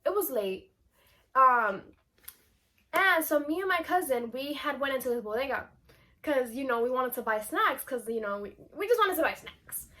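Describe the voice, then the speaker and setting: Chatty young woman with a bright, high voice. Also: normal speed. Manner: chatty, animated, filler-heavy with lots of "like". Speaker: vlogger. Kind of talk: casual storytime chat.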